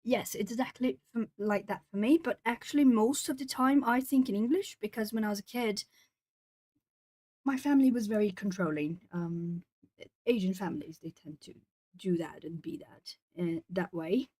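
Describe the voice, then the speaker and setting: A woman's voice: medium pitch, moderate pace, warm tone, no room sound. A young woman from Brazil, a Portuguese native speaker, chatting casually on an art stream while colouring and reading out chat. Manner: chatty, rambling, reads chat aloud.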